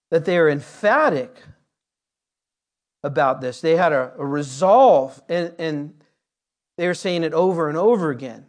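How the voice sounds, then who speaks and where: A man preaching a conversational sermon, repeating words and building to emphatic peaks. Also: sits high. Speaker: pastor.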